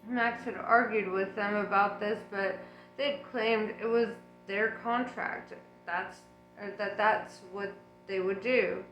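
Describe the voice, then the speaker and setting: A woman reading an audiobook aloud in an unhurried, relaxed way, with chatty asides. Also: medium pitch, roomy sound, highs cut off, soft background music. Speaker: audiobook reader.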